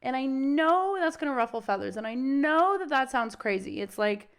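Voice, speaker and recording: A woman's voice: high voice, lively intonation, moderate pace, hardly any pauses, clear, resonant tone. A young adult woman dog trainer talking casually on a podcast, swearing freely and acting out the voices of dogs and owners.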